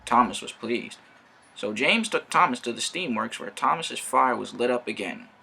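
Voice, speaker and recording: A man narrating a children's story with a lively delivery. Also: medium pitch, normal speed, vocal fry, slightly rough.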